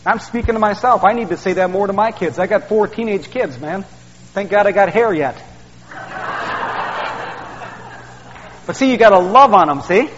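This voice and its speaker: A male preacher, delivering a folksy sermon that he peppers with "man" and "see". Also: sits high. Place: church sanctuary. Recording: dull sound, long hall reverb.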